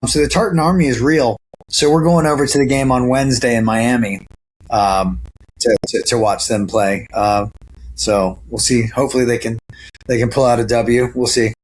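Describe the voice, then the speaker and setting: A man's voice: mid-range voice, steady tone, normal speed, a little hiss or hum. A man being interviewed as a guest actor, talking earnestly in casual chat with lots of fillers and restarts over a video call from home. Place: home, sitting near a camera.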